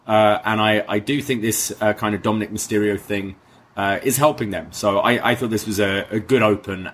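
A man's voice: on the low side, a little hiss or hum. A man co-hosting a casual wrestling review podcast, recapping the episode with fillers and restarts. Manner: recaps quotes in a lively retelling, with fillers.

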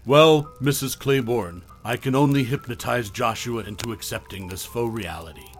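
A man's voice: medium pitch, moderate pace, soft background music, close to an everyday voice. Smarmy creature in a businessman's skin, patronizing and falsely cheerful, read by a man.

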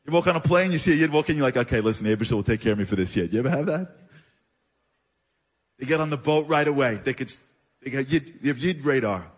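A man telling a religious story in a chatty way, talking straight to his listeners with quick asides. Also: medium pitch, husky. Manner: chatty, addresses listeners directly; animated, with quick asides and repeated phrases.

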